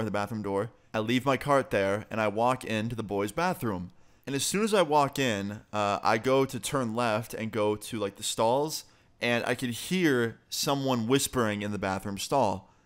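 A man's voice: mid-range voice, moderate pace. A man vlogger telling a story in a casual, conversational way with plenty of swearing. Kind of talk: storytime vlog.

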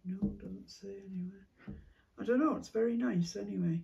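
A woman chatting casually as she sorts fabric for a craft vlog, musing aloud and dropping into soft whispered asides, with a cough now and then. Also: medium pitch, a little fast, gravelly, distant mic, dull audio. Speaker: craft vlogger. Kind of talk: casual chat while sorting fabric.

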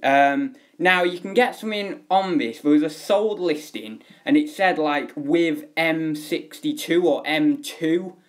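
A man's voice: fairly high pitch, measured pace, hardly any pauses. Chatty young man, lots of ums. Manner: rambling, filler-heavy, chatty. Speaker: live-stream host. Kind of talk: casual live-stream chat.

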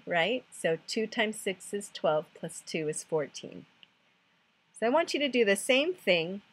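Husky-voiced woman tutoring chemistry. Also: mid-range voice. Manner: patient step-by-step explaining with counting aloud; self-deprecating humor. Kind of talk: recorded chemistry lesson.

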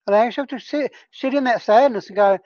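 A woman's voice: fairly high pitch, quick pace, darkish tone, no room sound, lo-fi sound. A woman who trains healers, leading an online discussion group in a casual, earnest teaching tone and often checking in with her listeners.

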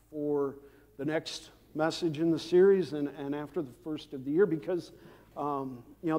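Pastor guy preaching slow, voice a bit high, lots of uh's, church echo. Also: dark tone. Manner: measured delivery with frequent "uh" fillers and dry asides. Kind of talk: sermon. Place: church sanctuary. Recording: long church hall reverb.

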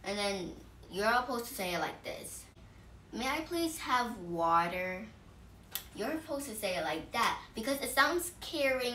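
A woman's voice: mid-range voice, bright, forceful tone, distant mic, a little hiss or hum. A woman vlogger explaining simple manners in an earnest, plain way, with restarts. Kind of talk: casual explainer vlog. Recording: echoey room, voice off the mic.

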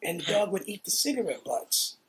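A middle-aged man with a New York accent telling profane, animated stories in a casual interview. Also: high-pitched, fairly quick. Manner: profane, animated, acts out quotes. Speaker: interviewee, guitarist. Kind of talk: casual storytelling.

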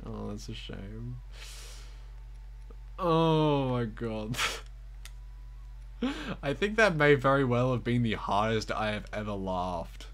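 A man's voice: medium pitch, lively intonation, slow. A young man giving giggly, self-mocking live-stream commentary as he plays a game, talking to the screen.

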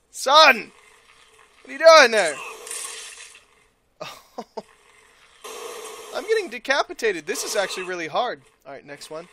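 A man commentates a video game at a slow, drawn-out pace, with a lively pitch that jumps into shouts whenever his character gets hurt. His voice is bright and sharp. A faint noise sits under the recording. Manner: loud exaggerated outbursts, yelling and groaning at in-game deaths. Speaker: let's player. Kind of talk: gameplay commentary.

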